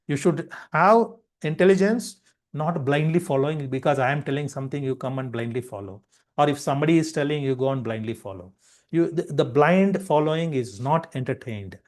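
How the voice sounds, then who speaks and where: Male spiritual teacher, fairly high voice, lecturing style, works in everyday examples. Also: a little mellow. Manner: explains with repeated everyday examples.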